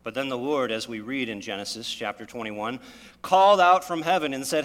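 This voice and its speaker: A man's voice: medium pitch, fairly quick, a bit bright. Male preacher in a reverberant hall. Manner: dramatic storytelling with rising emphasis. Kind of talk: sermon. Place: church.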